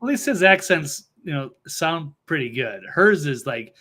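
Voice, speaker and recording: A man's voice: on the high side, sing-song, unhurried, pushed and bright. A man co-hosting a talk show, giving blunt, opinionated takes in casual chat. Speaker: co-host.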